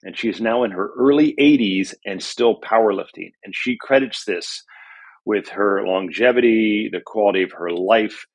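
In a conversational interview, a middle-aged man who is an author and journalist talks at a moderate pace in a lowish, slightly rough voice. He's reflective, leans into storytelling, and fills his speech with frequent fillers.

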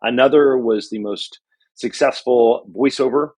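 Husky man telling stories in an interview. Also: mid-range voice, unhurried, a little mellow. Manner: reflective, storytelling with frequent fillers. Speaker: author and journalist guest. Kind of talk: conversational interview.

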